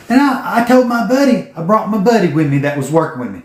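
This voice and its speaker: A man's voice: sits high, very animated, fast, slight background noise. A man, telling a folksy, profane story to camera. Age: 40s. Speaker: vlogger telling his business story. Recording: echoey room.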